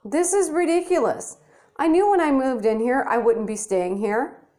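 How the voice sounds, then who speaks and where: A young woman with a high-pitched voice vents in a furious vlog rant, swearing freely and talking bluntly. She sounds exasperated throughout. She records herself indoors at home on a handheld phone. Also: expressive, normal speed, mellow. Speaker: vlogger. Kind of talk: angry rant to camera. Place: her apartment indoors.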